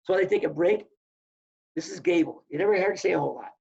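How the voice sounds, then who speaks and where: A man's voice: high voice, fast talker, creaky. A man, telling wrestling stories in casual chat and acting out the quotes. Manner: animated storyteller, acts out quotes. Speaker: podcast guest, former wrestler. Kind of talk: casual storytelling. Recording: dull lo-fi audio.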